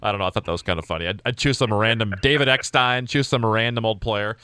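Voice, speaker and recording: Upbeat male host with a smooth, dry voice. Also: on the low side, fast, bright, forceful tone, no room sound. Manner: upbeat, chatty questioner. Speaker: podcast host. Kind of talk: casual interview chat.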